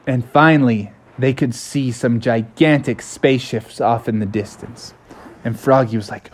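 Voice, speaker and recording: A man improvising a bedtime story, narrating in a lively, playful way. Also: medium pitch, a little slow, a little hiss or hum.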